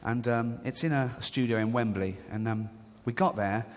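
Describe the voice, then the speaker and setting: A mid-range voice at normal speed belongs to an English stand-up comedian telling conversational stories on a big theatre stage and playing various characters. The sound has live theatre reverb with a faint crowd behind it.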